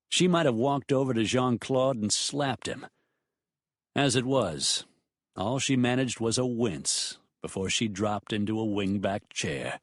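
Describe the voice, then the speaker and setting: Slow, husky male audiobook narrator. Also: medium pitch, dry recording, studio quality. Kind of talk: scripted romance audiobook narration.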